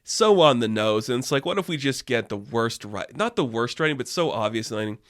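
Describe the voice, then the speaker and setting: A man's voice: medium pitch, animated, fairly quick. A man giving a casual review, exasperated, sarcastic and swearing often. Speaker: video reviewer.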